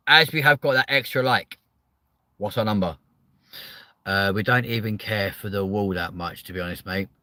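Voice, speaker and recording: A man, hosting a live chat show with loud, sweary, joking banter. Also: lowish voice, no room sound. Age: 30s.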